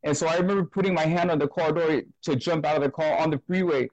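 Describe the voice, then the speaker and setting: A man giving an emotional personal testimony as an interview guest, talking earnestly and haltingly, often repeating words and restarting. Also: on the high side, steady tone, darkish tone, no room sound, muffled recording.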